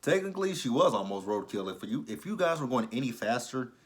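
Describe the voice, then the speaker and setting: A man's voice: mid-range voice, sing-song, fairly quick. A man giving a casual, blunt and profane recap of a TV episode, exasperated with the characters. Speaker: TV show reviewer.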